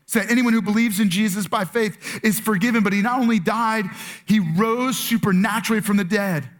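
A man's voice: high-pitched, a little fast. A man preaching a sermon as pastor, earnest and conversational, with frequent fillers and restarts. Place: church with multiple campuses and online stream.

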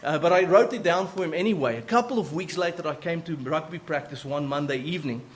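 A man preaching, telling a personal story in an earnest, animated way. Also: a little high, fast talker. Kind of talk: sermon storytelling.

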